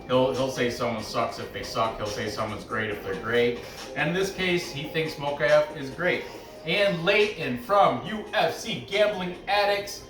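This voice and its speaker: A man's voice: mid-range voice, moderate pace, distant mic. A man hosting a sports betting picks show, talking in a loose, rambling way with lots of restarts. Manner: loose, chatty, frequent restarts and asides. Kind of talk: casual rambling commentary. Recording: roomy echo, off-mic, faint music behind.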